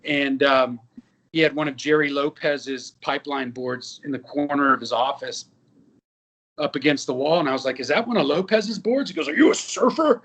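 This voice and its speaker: A man in his fifties, an actor and musician, telling lively anecdotes with quoted dialogue in a casual interview. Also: mid-range voice, moderate pace, a little hiss or hum.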